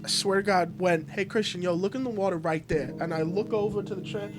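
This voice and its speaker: A man co-hosting a podcast, telling an animated story and acting out the people in it, swearing casually. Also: high-pitched, fairly quick, music in the background. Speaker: podcast co-host.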